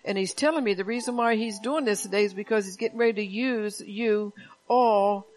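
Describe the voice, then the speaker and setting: A woman's voice: mid-range voice, fairly quick, darkish tone, poor audio. A woman pastor preaching a sermon in church, talking plainly and conversationally and often repeating her words.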